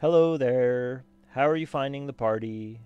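A man's voice: medium pitch, unhurried, clear, resonant tone, dull audio, faint music behind, voice pushed up, natural voice. A man voicing a chatty, scheming male party guest in a put-on Australian accent, with an exaggerated sing-song delivery.

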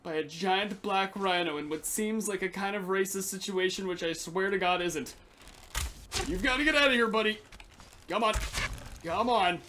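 A young man giving casual, excitable commentary on his video game, rambling, swearing and yelping at sudden danger. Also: sits high, normal speed, a little hiss or hum. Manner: chatty rambling to animals in the game. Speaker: gaming channel host. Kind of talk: Let's Play commentary.

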